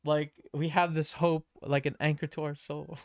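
A young man co-hosting a podcast, telling stories in a rambling, animated way with lots of restarts. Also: on the high side, normal speed, dry recording, clean studio sound. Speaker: podcast co-host. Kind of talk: casual chat.

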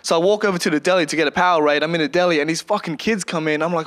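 A man's voice: a little high, rapid-fire, a bit bright. A man in his twenties doing a stand-up set, telling a crude story. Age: 20s. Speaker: stand-up comedian.

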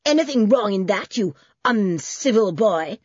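A woman reading aloud, voicing a fussy, angry older man who shouts and then stammers in alarm. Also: mid-range voice, wildly swooping pitch, extremely slow, husky, no echo, muffled recording, voice pushed up, heavily acted. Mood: indignant.

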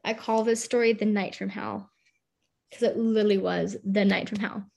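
A woman's voice: mid-range voice, steady tone, moderate pace, vocal fry, a little mellow. A young woman in her twenties, a podcast guest, chatting through a story and using "like" a lot. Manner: chatty, lots of "like". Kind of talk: casual storytelling.

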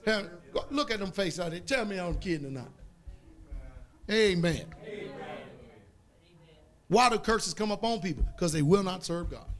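A man preaching a sermon as pastor, fervent and rising into shouts. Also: sits high, animated, normal speed, pauses often.

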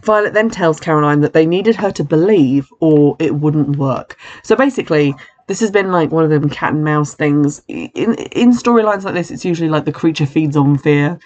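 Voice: mid-range voice, moderate pace, darkish tone, muffled recording. Wry, chatty film recapper. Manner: chatty and wry, with asides and self-corrections. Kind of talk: casual film recap narration.

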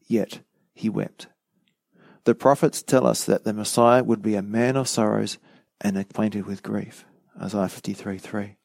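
A man's voice: fairly low pitch, gravelly, a little mellow, no echo. A man preaching a sermon, teaching in a conversational way with frequent fillers like "you know.".

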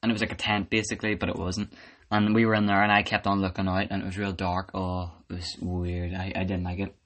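A man's voice: low voice, little pitch movement, quick pace, fairly bright tone. A young man co-hosting a casual podcast, joking, laughing a lot and bossing his friend around. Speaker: podcast co-host. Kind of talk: casual chat. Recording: faint background noise.

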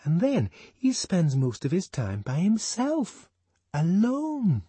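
A man's voice: mid-range voice, huge pitch swings, measured pace, a little mellow, breathy edge, no room sound, voice pushed up, exaggerated voice. A man voicing an anxious, gossiping young woman friend in an audiobook, sounding worried and scandalized.

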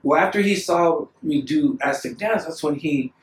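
Man, casual storyteller, lively and rambling, slightly high pitch, echoey distant room sound. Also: moderate pace. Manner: rambling, animated, acts out quoted voices.

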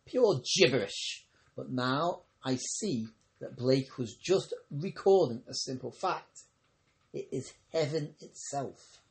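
A man with a mid-pitched, ordinary voice reads a novel aloud. He narrates steadily, but he trips over the odd word and goes back to fix it. It sounds like an amateur audiobook reading. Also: expressive, takes it slowly, creaky. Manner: reads with occasional stumbles and self-corrections. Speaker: audiobook reader. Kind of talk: scripted narration.

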